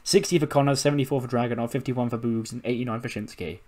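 Man, video game commentator, laid-back, casual, mid-pitched voice. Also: fairly even intonation, fast, a little mellow. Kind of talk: casual let's-play narration.

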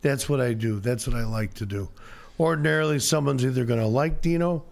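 A man with a gravelly, creaky voice and a slightly hoarse throat trades dry, teasing jokes in casual radio banter. He sits at a studio microphone, at a middling pitch. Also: brisk, darkish tone. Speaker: guest co-host.

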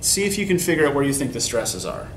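Recorded from afar in an echoey classroom with slight background noise, this poetry teacher speaks fast in a sing-song, medium-pitched voice. He explains terms and keeps asking his students "right?".

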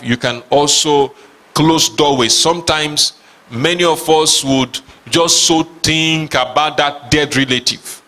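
Bright-voiced man preaching slowly. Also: on the high side. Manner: emphatic preaching, asks the congregation questions; reads scripture aloud dramatically. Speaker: pastor. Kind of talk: sermon.

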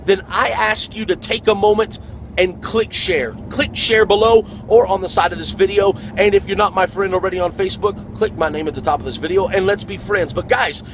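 A man's voice: high-pitched, fairly even intonation, brisk, slight background noise, rough recording. A man giving an earnest, preachy monologue for an online video.

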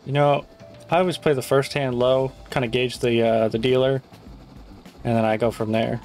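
A man's voice: mid-range voice, fairly even intonation, moderate pace, a little mellow, faint music behind. A man chatting casually in a game, brash and profane, with hustling sales patter. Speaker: gaming video creator.

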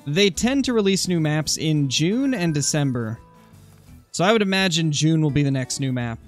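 A man's voice: fairly high pitch, animated, moderate pace. A young man streaming a hunting game, chatting casually and answering his viewers' comments. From Oregon, USA. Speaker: gaming streamer. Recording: faint music behind.

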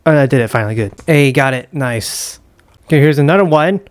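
A young man commentating a horror game as he plays, muttering, whispering and panicking with rapid repeats. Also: medium pitch, lively intonation, dry recording. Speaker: gaming YouTuber. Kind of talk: live gameplay commentary.

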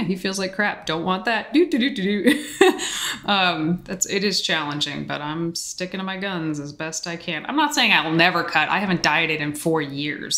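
A woman with a somewhat low voice chats on a podcast. She tells stories in a relaxed, rambling way and wanders off on side tangents. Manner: chatty, tangent-prone storyteller. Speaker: podcast co-host. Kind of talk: casual podcast chat.

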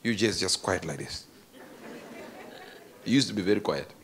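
A man preaching a sermon as a story, animated and jokey, laughing between his lines. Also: deep voice, normal speed, slight background noise.

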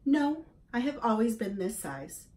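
A patient robot mother speaks plainly and evenly, never hurried, as a woman reads her part. It is a storybook read-aloud, her lines steady and gentle. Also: fairly high pitch, pitched above the performer's own voice. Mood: calm. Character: calm patient robot mother, female, weathered.

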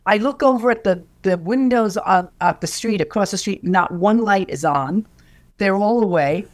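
A woman's voice: mid-range voice, moderate pace, dry recording. An older woman as an interview guest, telling stories with animation and acting out the voices of the people she quotes. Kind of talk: storytelling in an interview.

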